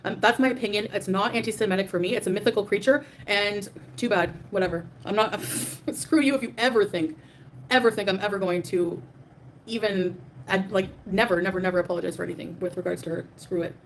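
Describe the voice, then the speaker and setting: A young adult woman hosts a livestream where she reads super chats and rants at her chat, defiant, profane, and packed with fillers. Her voice is medium-pitched and brisk, with a little hiss or hum in the recording.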